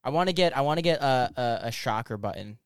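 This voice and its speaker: Animated man hosting a podcast. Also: mid-range voice, clean tone. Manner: animated, swearing, quick laughs. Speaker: podcast host. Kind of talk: casual podcast chat.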